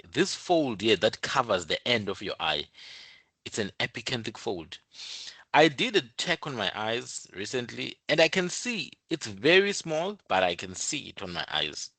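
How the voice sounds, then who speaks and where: A man's voice: mid-range voice, bright, forceful tone, no echo. A man who explains things step by step in an informal talk, repeating his points and using many fillers. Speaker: channel host.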